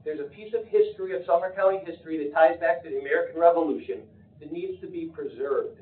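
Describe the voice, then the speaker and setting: A man's voice: a little high, fast talker. A man giving an earnest public comment at a county meeting, urging people to work together. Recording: distant, echoey, phone-like meeting audio.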